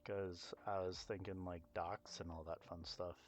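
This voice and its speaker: A man's voice: low voice, level tone, unhurried. A man giving rambling, self-mocking let's-play commentary with lots of fillers, talking into a desk mic. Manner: chatty, digressive, self-mocking, many fillers. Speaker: gaming YouTuber.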